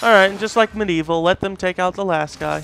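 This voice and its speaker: A man's voice: high voice, quick pace, creaky, music in the background. A man casually commentating on his gameplay, chatty and joking as he talks to the game. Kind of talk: casual let's play commentary.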